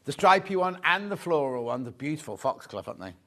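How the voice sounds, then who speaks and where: A man's voice: a little high, big pitch swings, fast talker, fairly bright tone. A man presenting a live shopping show, chatty and gushing, repeating his phrases as he shows off fabrics. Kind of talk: live sales chat.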